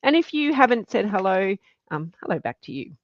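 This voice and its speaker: A woman's voice: mid-range voice, sing-song, brisk, no room sound. Aussie lady chatting on a hiking livestream, friendly coach vibe, kinda muffled dry audio. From Australia. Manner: chatty, encouraging, greets viewers by name. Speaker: hiking coach and live stream host. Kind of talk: live stream talk to viewers.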